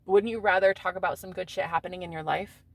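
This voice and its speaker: A woman's voice: fairly low pitch, fairly even intonation, fast talker, no room sound. Brash, swearing woman in her thirties. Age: 30s. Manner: brash, loud-mouthed, swearing, laughing often. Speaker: vlogger. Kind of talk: casual outdoor vlog. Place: outdoors on a street.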